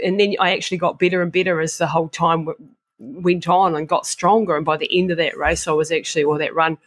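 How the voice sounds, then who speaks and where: A woman's voice: low-pitched, fairly even intonation, fast talker. A middle-aged woman from New Zealand with a New Zealand accent, a podcast guest telling stories with energy and acting out the voices in her head. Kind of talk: podcast interview.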